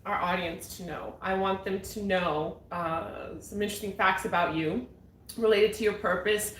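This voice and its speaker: A woman's voice: mid-range voice, steady tone, normal speed, fairly bright tone, slight background noise. A woman hosting a live talk show, chatting in an upbeat and encouraging way. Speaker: host. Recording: echoey room.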